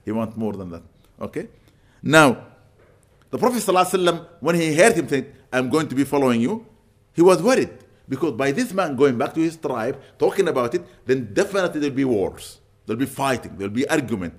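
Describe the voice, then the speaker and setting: An older man giving an Islamic lecture, telling stories earnestly with sudden bursts of loud emphasis. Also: mid-range voice, sing-song, fast talker. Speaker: Islamic preacher. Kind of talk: religious lecture with storytelling.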